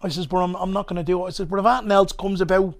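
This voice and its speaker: A man's voice: high-pitched, fairly even intonation, rapid-fire. A man with a Dublin accent, a comedian telling stories as a podcast guest in a loose, rambling way. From Ballymun, Dublin, Ireland. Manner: rambling, loose, with many asides. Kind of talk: conversational storytelling.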